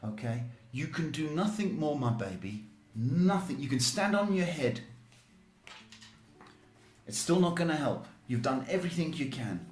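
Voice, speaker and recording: A man hosts a live tarot advice stream. He speaks slowly and gives blunt, emphatic guidance, often repeating himself. His voice rings in an echoey room. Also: a little high, lively intonation, a little mellow. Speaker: psychic tarot reader and show host.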